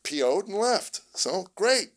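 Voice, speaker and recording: An older male comedian, guesting on an interview, tells family stories in a high, slow voice, animatedly acting out the dialogue in a casual storytelling style.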